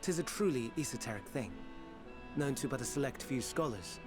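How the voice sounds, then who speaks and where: An actor playing a scholarly male sage in a fantasy game, explaining in formal, archaic, measured speech. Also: medium pitch, lively intonation, over music, lightly acted. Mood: calm lecturing. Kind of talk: game cutscene voice acting.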